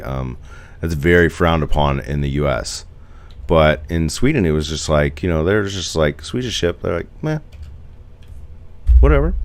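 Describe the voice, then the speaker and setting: Deep-voiced chatty streamer guy. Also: darkish tone. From United States. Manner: rambling, chatty, reads and answers viewer comments. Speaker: live streamer. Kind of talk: casual live-stream chat.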